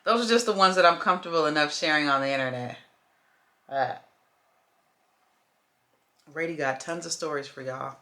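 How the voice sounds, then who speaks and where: A woman tells a story to her vlog audience, acting out the other voices. Her voice sits low but sounds bright and forceful. She calls her viewers y'all and baby as she talks. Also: normal speed, pauses often. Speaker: vlogger telling a story. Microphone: camera while doing makeup.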